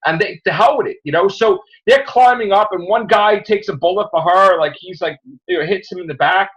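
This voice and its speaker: A man hosting a casual review podcast, rambling through an animated retelling of a plot. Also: high-pitched, brisk, low-quality recording. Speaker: podcast host.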